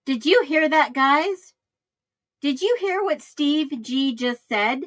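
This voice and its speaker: A woman host gives true crime commentary and speaks straight to her viewers, stressing her points. Her voice is high and her delivery unhurried. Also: animated, fairly bright tone. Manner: emphatic, addresses viewers directly.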